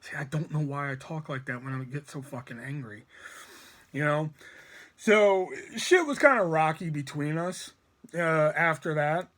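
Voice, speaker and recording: High-pitched man swearing through a story. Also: normal speed, fairly bright tone. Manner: profane, rambling, emphatic. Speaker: storytime vlogger. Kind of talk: casual storytelling rant.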